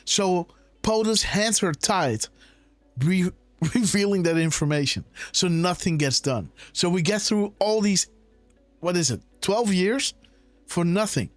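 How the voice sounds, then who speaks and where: A man's voice: high voice, expressive, measured pace, no echo, faint music behind. A man hosting a live political commentary show, talking insistently in rhetorical questions and often turning to his audience. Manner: insistent, rhetorical, keeps saying "guys" and "right?". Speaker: host of a live decode show.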